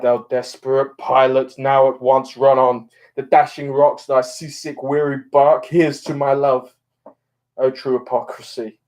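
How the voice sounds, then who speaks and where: A man's voice: mid-range voice, darkish tone, natural voice. A man reading the part of Romeo, a grief-stricken young lover, in an impassioned, declamatory way. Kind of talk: dramatic reading of a play.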